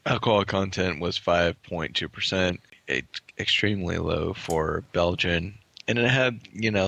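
Casual male co-host, lower pitch, sharp bright tone, giggly, dry close sound. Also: measured pace, gravelly, few pauses, no echo. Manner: laughs often, trails off and restarts. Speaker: podcast co-host reviewing beer. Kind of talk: casual chat.

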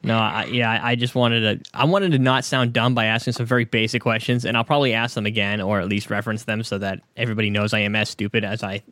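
A man's voice: lowish voice, fairly even intonation, fast, few pauses, a bit bright, dry recording. A man hosting a casual podcast, talking in a loose, profane, joking way. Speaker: podcast host.

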